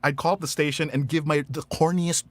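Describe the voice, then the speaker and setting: A man's voice: fairly high pitch, steady tone, fairly quick, dry recording. A man hosting a casual live radio-style show, rambling and hesitant, laughing often.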